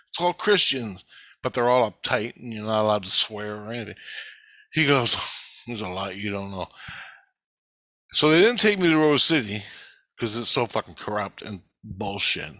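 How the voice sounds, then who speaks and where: A man tells a long, rambling first-person story, swearing heavily and growing more agitated as he goes. His voice is bright and forceful, and he quotes the people in his story without changing his own voice. The recording is dry and close. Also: fairly low pitch, big pitch swings, normal speed, long pauses, no echo. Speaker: vlogger recounting experiences.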